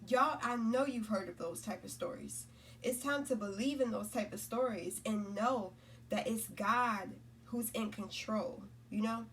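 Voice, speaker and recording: Woman, spiritual vlogger, loose rambling delivery, higher voice, recorded a little far off. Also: a little slow, fairly bright tone, a little hiss or hum. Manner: rambling, repeats herself, lots of "right?" and "you know?". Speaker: spiritual content creator. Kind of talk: casual spiritual talk to camera.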